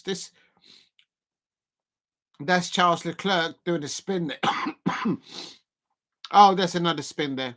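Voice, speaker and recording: A man with a South London accent, hosting a live race watch-along and commenting in a rambling, halting way with many fillers. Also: a little high, a bit bright. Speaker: live stream host.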